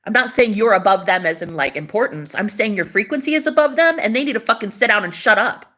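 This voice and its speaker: A woman's voice: medium pitch, animated, fast, a bit bright. A woman who works as a manifestation coach, talking in a casual vlog monologue, emphatic and full of swearing, rambling from one point to the next.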